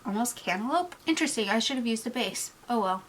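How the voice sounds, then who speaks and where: A woman chatting casually in a get-ready-with-me vlog, candid and reflective, teary-eyed, trailing off into pauses. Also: fairly high pitch, expressive, poor audio. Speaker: beauty vlogger.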